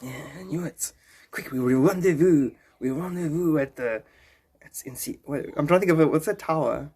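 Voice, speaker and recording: A man's voice: on the high side, moderate pace, darkish tone, slightly rough. A man putting on a mocking French-Canadian character with an exaggerated French accent. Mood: conspiratorial.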